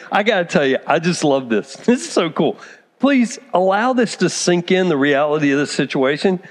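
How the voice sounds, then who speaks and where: High-voiced male pastor preaching in a hall. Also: normal speed. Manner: animated storytelling, acts out characters. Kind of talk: sermon. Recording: long hall reverb.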